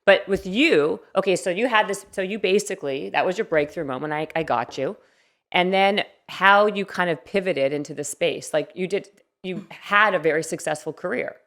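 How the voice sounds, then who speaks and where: A woman hosting a podcast, asking questions eagerly and often chiming in with quick agreement. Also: lowish voice, fairly bright tone. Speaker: podcast host. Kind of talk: interviewing, casual chat.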